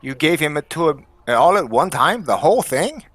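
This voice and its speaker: A man voicing a gruff, blunt male dwarf cleric who is questioning a witness forcefully in court. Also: fairly high pitch, big pitch swings, normal speed. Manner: forceful, interrogating.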